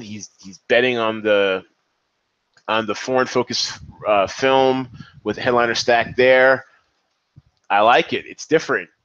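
A man hosting a podcast, giving casual, excitable commentary on his listeners' picks. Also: mid-range voice, dry recording. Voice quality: excitable, animated. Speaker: podcast host. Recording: dull, slightly lo-fi, dry.

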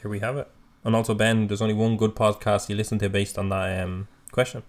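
A man with a fairly low voice co-hosts a casual podcast. He talks with lively emphasis and jumps in eagerly on his partner. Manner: animated, emphatic, quick to jump in. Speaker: podcast co-host. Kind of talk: casual chat.

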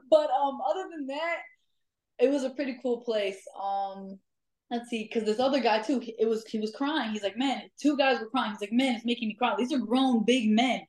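A woman's voice: a little high, moderate pace. Chatty woman telling stories in an echoey room. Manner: lively, laughs often, many "um" fillers. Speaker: guest, amateur ghost hunter. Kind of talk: casual storytelling chat.

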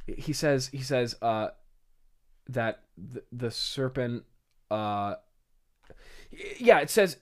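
Rambling, stammering man. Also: lowish voice. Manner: rambling and stammering, with amused asides. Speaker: podcast host reviewing a script. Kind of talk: casual commentary.

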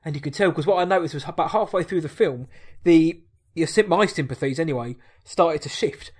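Man, higher-pitched voice, casual film chat, stumbling restarts. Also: fairly quick, a little mellow, breathy edge.

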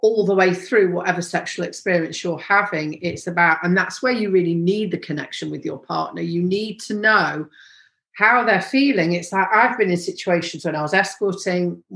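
A woman's voice: fairly low pitch, normal speed, a bit bright, echoey room. A woman speaking frankly as a podcast guest in casual conversation, earnest, with many restarts. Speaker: podcast guest, sex expert.

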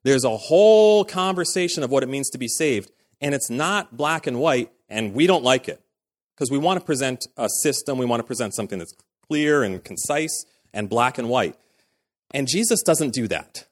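A man's voice: mid-range voice, animated, normal speed. A man, likely a pastor, giving a casual, conversational sermon in a church, full of fillers and acted-out quotes.

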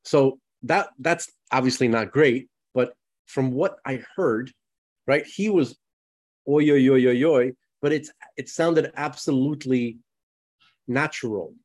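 A man's voice: medium pitch, unhurried, a little mellow. A man co-hosting a podcast in casual conversation, talking in a rambling way with many restarts and "you know"s. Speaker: podcast co-host.

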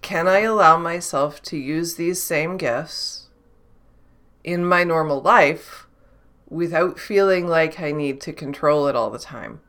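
A woman's voice: sits low, slow pace, a bit bright. A woman who works as an intuitive channeler, thinking aloud in a reflective solo talk, questioning herself and restarting her sentences often.

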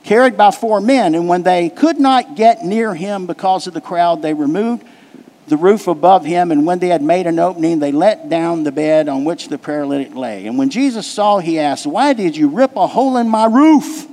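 A man's voice: on the high side, normal speed, dark tone, long reverb tail. A man preaching a sermon to his congregation, pressing his points with repetition and questions put to the room. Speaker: pastor. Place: church sanctuary.

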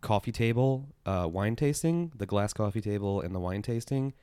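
A young man co-hosting a podcast from a living room, relaxed and casual as he retells stories. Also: lowish voice, moderate pace, smooth, no echo. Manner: laid-back storyteller who acts out quotes. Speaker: podcast co-host. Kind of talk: casual chat. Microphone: studio mic.

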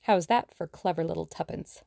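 A woman voicing a lively, impatient young woman sleuth in an audiobook, brisk and plucky. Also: fairly low pitch, gravelly, dry recording, clean studio sound. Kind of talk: audiobook character reading.

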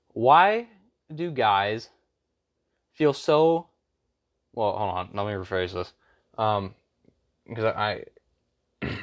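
A young man talks straight to the camera in a loose, rambling rant. He leans on fillers and slang, and his voice sits at an ordinary pitch for a man. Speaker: vlogger. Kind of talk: casual storytime rant.

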